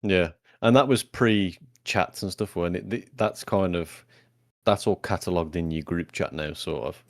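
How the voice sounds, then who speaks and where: A young man with a very low voice talks in a laid-back, drawn-out way, cursing casually as he co-hosts a podcast. The sound is close and dry, with no room around it. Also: no echo. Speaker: podcast co-host. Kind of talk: casual chat.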